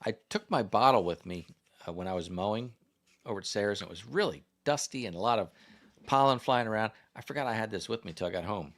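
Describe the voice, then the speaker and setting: Chatty American man, low-pitched voice. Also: lively intonation, quick pace. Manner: rambling, chatty, reads comments and quizzes the audience. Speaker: livestream host. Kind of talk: casual livestream chat. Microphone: desk microphone.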